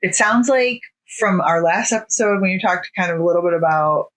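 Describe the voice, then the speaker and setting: A woman in her thirties co-hosting a podcast, talking in a relaxed, thoughtful way. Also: on the low side, brisk, rough recording. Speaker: podcast co-host. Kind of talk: casual chat.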